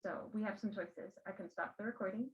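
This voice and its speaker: A woman of ordinary pitch leads a classroom demonstration for other teachers. She talks patiently and gently, steadying a child beside her as she explains. The sound is a little muffled and lo-fi. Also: fast, a little hiss or hum. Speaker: teacher trainer.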